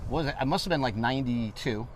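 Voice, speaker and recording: A man guest telling animated stories in a casual chat, laughing often as he goes. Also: medium pitch, fast, a little hiss or hum, low-quality recording.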